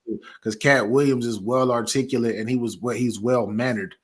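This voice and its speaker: Podcast guy with a husky voice, animated, keeps restarting his words. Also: medium pitch, fairly quick. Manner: animated, repeats words while thinking. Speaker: podcast co-host. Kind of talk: casual sports debate.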